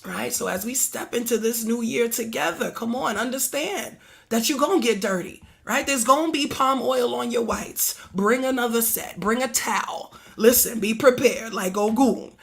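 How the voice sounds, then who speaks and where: A woman from Harlem leading a prayer service, preaching in a rhythmic call-and-response style with repeated exhortations, chanted prayers and song, her voice slightly hoarse. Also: fairly high pitch, normal speed. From Harlem, New York.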